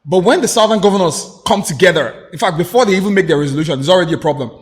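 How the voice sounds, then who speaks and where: Male pundit, somewhat higher voice, argues his points in a halting, opinionated way. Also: animated. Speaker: guest commentator. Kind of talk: political talk show discussion.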